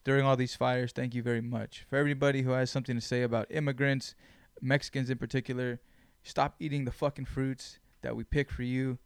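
A man's voice: mid-range voice, fairly quick, hardly any pauses, smooth, no room sound, studio quality. Blunt, swearing male podcast host. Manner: blunt, swears often, animated storytelling. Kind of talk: casual chat.

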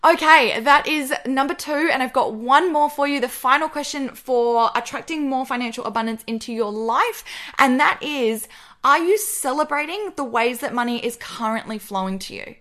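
A young woman talks straight to her listeners in a relaxed motivational podcast, bubbly and upbeat. Her voice sits a little high for a woman. She keeps it friendly and chatty, like talking to a close friend. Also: normal speed. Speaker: podcast host. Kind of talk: casual motivational podcast monologue.

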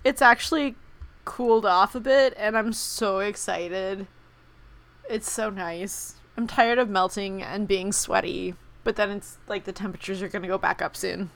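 A woman in a casual chat, reacting with quick jokes and comments. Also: mid-range voice, steady tone, gravelly, fairly bright tone. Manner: reactive, quick jokey interjections.

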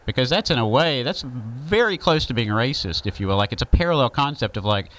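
A man's voice: medium pitch, expressive, brisk, few pauses, fairly bright tone, low-quality recording. A man with a Southern accent, talking through an opinion monologue in a rambling, conversational way with many fillers.

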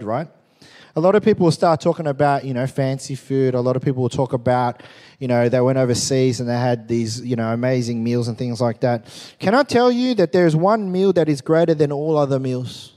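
Animated pastor in a reverberant hall. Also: male voice, mid-range voice, brisk. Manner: animated, joking storyteller. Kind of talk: sermon.

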